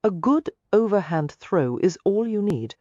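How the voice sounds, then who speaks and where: A confident, flirtatious Irish man with a warm brogue, put on by a woman narrator. He teases smoothly and plainly, his voice rising and falling freely. The recording is dry and a little dull. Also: sing-song, measured pace, no echo. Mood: calm. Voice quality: warm, low and resonant in brogue. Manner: teasing, matter-of-fact.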